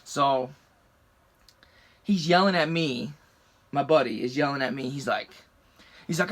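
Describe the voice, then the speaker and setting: A man's voice: fairly high pitch, animated, unhurried, pauses often, fairly bright tone. Profane, fired-up young man. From rural United States. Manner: profane, heated retelling. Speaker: storyteller. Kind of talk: casual storytime.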